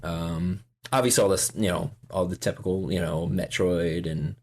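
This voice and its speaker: A man in his forties talks in a casual interview, his voice sitting very low. He rambles, stops and restarts, filling gaps with "uh" and "you know". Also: steady tone, a little mellow. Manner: rambling, halting, many fillers and restarts. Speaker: podcast guest.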